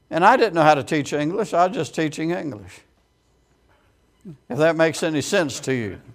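A man preaching a sermon as a storytelling testimony, with frequent amens and quoted voices acted out. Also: a little high.

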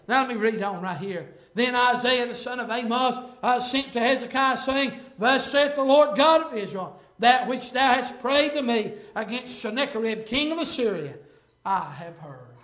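A man preaching a sermon and reading scripture aloud, impassioned and swelling to shouts, with frequent "uh" fillers. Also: extremely high pitch, expressive, normal speed. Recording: echoey room.

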